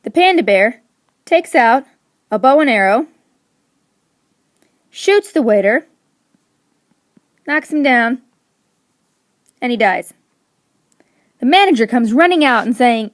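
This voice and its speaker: Brief: woman teacher, slightly high voice, playful and emphatic as she explains to students. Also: animated, takes it slowly, long pauses. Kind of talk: recorded classroom lesson.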